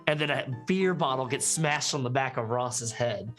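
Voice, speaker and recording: A man's voice: mid-range voice, normal speed, fairly bright tone, soft background music. A man narrating a scene in a tabletop game in vivid, cinematic detail. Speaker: player.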